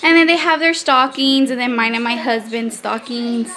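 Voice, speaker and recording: A woman's voice: on the high side, flat delivery, normal speed, pushed and bright. A woman chatting casually with her vlog viewers, laughing often and sounding full after a meal. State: pregnant, very full after eating. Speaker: vlogger. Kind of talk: casual chat. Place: restaurant, then home by the Christmas tree.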